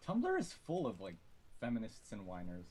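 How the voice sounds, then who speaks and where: A man's voice: lowish voice, huge pitch swings, normal speed, a little mellow, husky. Hesitant young man co-host. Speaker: podcast co-host. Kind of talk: casual gaming chat.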